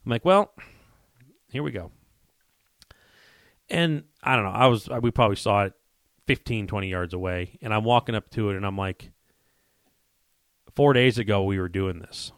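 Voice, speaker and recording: A man's voice: on the low side, moderate pace, pauses often, fairly bright tone, dry recording, studio quality. A man telling a story in casual conversation, acting out quoted dialogue with frequent restarts and repeated words. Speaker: guest telling a hunting story.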